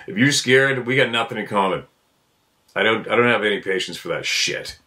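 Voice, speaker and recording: A man's voice: lowish voice, expressive, brisk, bright, forceful tone. A man hosting his own show, talking in a blunt, fired-up rant, cursing freely and repeating his points. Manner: blunt and profane, repeats himself. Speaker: podcast host. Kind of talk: fired-up ranting monologue.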